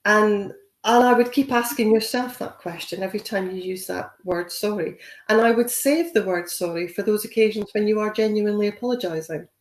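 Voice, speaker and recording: A woman leads a conversational training webinar, encouraging and full of "you know" fillers. Her medium-pitched voice moves a little fast, and the room is echoey.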